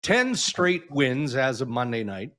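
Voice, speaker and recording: A man's voice: mid-range voice, very animated, a little slow, fairly bright tone. A man co-hosting a podcast, reading an ad and running through the headlines. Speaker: podcast co-host.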